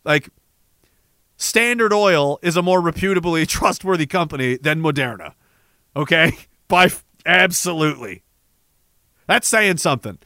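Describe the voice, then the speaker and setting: Sarcastic high-voiced man ranting. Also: expressive, measured pace, pauses often, sharp tone, dry recording, clean studio sound. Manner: sarcastic, profane, mocking, with bursts of laughter. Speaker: podcast host reading listener messages. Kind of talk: casual ranting commentary.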